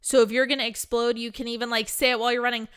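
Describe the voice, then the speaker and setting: Brief: candid woman teacher, slightly high pitched, crisp voice. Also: little pitch movement, very fast, fairly bright tone. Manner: blunt, candid, laughs often. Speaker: spiritual teacher. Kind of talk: live teaching with Q&A.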